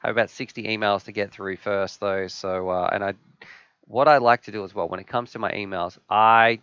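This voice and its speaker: A man's voice: lowish voice, steady tone, fairly quick, fairly bright tone, smooth, dry recording, dull audio. Chatty man hosting a live stream. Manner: enthusiastic, chatty, reads viewer questions aloud.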